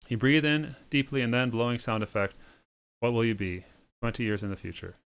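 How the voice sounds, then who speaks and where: Fast, smooth-voiced man reading a game deadpan. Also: medium pitch. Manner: sardonic, quick deadpan delivery with snarky asides. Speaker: game streamer reading a visual novel aloud. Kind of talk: reading game text aloud with comic asides.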